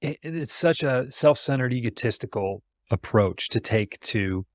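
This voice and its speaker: A man talks as a podcast guest, driving points home with punchy sayings and restarting phrases as he builds momentum. His voice is of average pitch for a man, recorded close and dry without room sound. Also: animated, normal speed, no room sound. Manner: emphatic, speaks in punchy aphorisms, repeats words as he builds a point. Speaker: sales trainer, podcast guest. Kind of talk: casual conversational interview.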